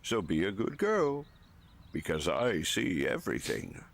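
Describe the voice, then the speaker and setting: A man's voice: sits low, wildly swooping pitch, unhurried, gravelly, full character voice. A man voicing a loving, departed grandfather in a video game, speaking in a soothing, tender way. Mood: tender, comforting. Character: gentle late grandfather, loving spirit.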